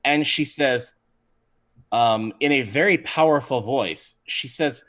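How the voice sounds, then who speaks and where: A man running a tabletop game livestream as game master, narrating in an animated, chatty way. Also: medium pitch, takes it slowly.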